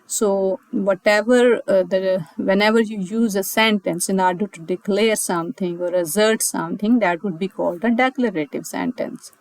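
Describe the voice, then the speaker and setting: A woman's voice: mid-range voice, moderate pace, few pauses, no room sound, poor audio. A woman from Pakistan, teaching a grammar lesson and restating each point in several ways. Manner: repeats and rephrases points, with fillers.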